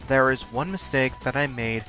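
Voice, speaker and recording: A man hosting a countdown video, talking fast with occasional stutters in a blunt, self-critical way. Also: mid-range voice, pushed and bright, soft background music. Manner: talks fast, stutters at points. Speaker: YouTube countdown host. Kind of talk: scripted countdown commentary.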